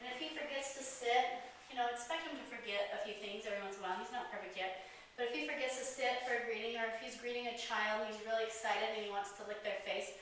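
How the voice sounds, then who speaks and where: Woman dog trainer, echoey and distant. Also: fairly high pitch. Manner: relaxed, explanatory, many fillers. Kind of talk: instructional demonstration. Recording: echoey, distant mic with hiss.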